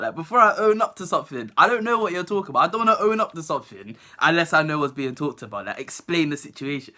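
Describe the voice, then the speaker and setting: A young woman telling a storytime vlog in an animated, laughing way. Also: deep voice, fast, hardly any pauses. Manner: animated, laughing, acts out other people's voices. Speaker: vlogger.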